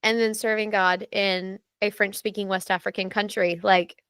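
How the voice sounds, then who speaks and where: A woman's voice: medium pitch, level tone, normal speed, a bit bright, clear, resonant tone, no echo, studio quality. A woman hosting a casual podcast interview, asking questions with enthusiasm and friendly reactions. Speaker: podcast host interviewing missionaries.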